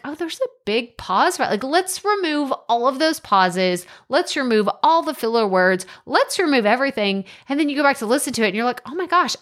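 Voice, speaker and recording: A woman's voice: mid-range voice, a bit bright. Woman podcast host, chatty casual advice delivery, loose with filler words.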